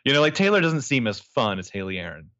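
A man's voice: medium pitch, sing-song, fast talker, fairly bright tone, no room sound, lo-fi sound. A man co-hosting a podcast, chatting casually and animatedly, joking and laughing as he talks. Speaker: podcast co-host. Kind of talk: casual chat.

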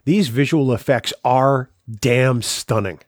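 A man co-hosts a podcast and weighs the strengths and weaknesses of an episode in a thoughtful, analytical way. His voice sits in a middle pitch. The sound is dry and close, with no room echo. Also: slow. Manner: thoughtful, analytical, with some restarts. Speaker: podcast co-host. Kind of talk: casual chat.

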